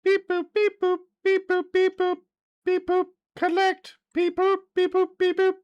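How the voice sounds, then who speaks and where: A man voicing a small clunky robot automaton that chants beeps and boops in a monotone. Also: extremely high pitch, unhurried, lo-fi sound, faint music behind, voice pushed up. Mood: mechanical.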